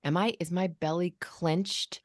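A woman's voice: fairly low pitch, steady tone, measured pace, dry recording, clean studio sound. A woman in casual conversation, coaching parents and demonstrating ways of speaking.

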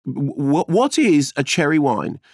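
A man's voice: fairly high pitch, very animated, unhurried, no room sound. A man co-hosting a film podcast, joking and chuckling through casual banter in a studio. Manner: jokey, chuckling, looks things up aloud. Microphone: studio microphone.

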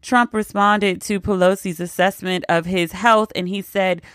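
A woman's voice: medium pitch, fairly even intonation, a little slow, a bit bright, no echo, clean studio sound. A woman hosting a podcast, giving casual news commentary in a wry, exasperated way and laughing between quotes. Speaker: podcast host.

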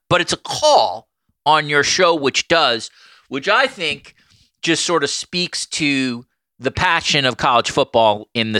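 A man with a New York accent hosting an interview podcast, speaking in an enthusiastic, animated way with quick asides. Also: on the high side, dry recording. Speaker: podcast host.

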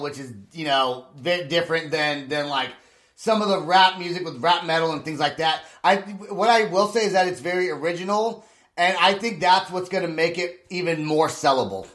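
A man hosting a podcast in casual chat, relaxed and slangy, leaning on "dude" and "man". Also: high-pitched, normal speed, echoey room. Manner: laid-back, slangy, says "dude" and "man". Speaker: podcast host.

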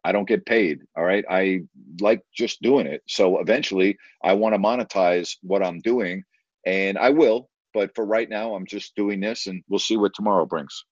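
A man's voice: lowish voice, moderate pace, no echo. A middle-aged man, a broadcaster and podcast host, telling stories in a casual interview; he rambles, repeats phrases and stretches words for emphasis. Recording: dull, dry podcast audio.

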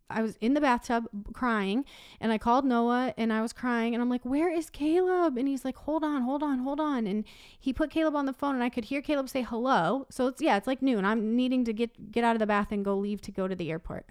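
A woman's voice: a little high, a little mellow, clean tone, no room sound. Middle-aged woman, casual storyteller, clean close dry sound, emotional. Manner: emotional storytelling, many fillers. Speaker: guest telling a personal story. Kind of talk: casual chat.

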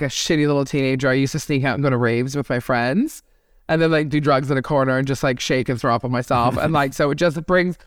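A woman's voice: low-pitched, clean tone, no echo, studio quality. A young adult woman comedian on a podcast, telling stories bluntly and swearing freely. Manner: blunt, profane, animated storytelling. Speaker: comedian guest. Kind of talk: casual podcast chat.

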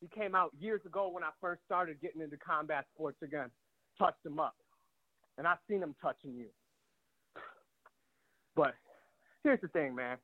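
A man's voice: a little high, moderate pace, pauses often. Breathless cocky man on a phone line. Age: 30s. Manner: cocky trash talk, profane. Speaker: fighter calling in. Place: gym.

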